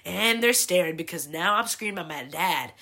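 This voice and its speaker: Bright-voiced young woman telling a story. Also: moderate pace. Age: 20s. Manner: animated, swears freely, leans on "like" a lot; acts out quoted people with big pitch jumps. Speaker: podcast host. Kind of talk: casual storytelling monologue.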